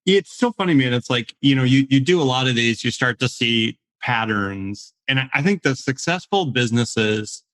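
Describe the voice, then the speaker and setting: A man's voice: mid-range voice, expressive, moderate pace, few pauses, a bit bright. Loose, chatty male podcast host. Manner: loose, rambling questions full of fillers. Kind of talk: casual podcast interview.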